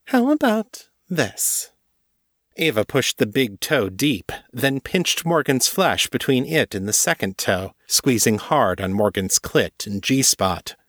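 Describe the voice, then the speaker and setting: A man narrating a story in a steady, measured audiobook-style reading. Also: medium pitch, no room sound, clean studio sound. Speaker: narrator and author.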